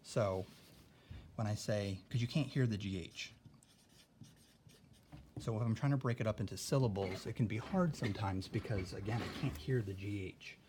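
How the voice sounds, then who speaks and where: A young male teacher, with a slightly low voice, walks through a spelling lesson at a patient, careful pace and keeps checking in with "okay?". A faint hiss sits under the recording. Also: normal speed, pauses often, a little mellow.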